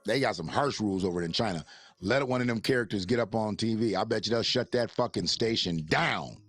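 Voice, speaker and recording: A man's voice: fairly low pitch, fairly quick, fairly bright tone, dry recording, faint music behind. A man hosting a livestream in casual commentary, rambling and swearing, laughing often and reading out chat messages. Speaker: livestream host.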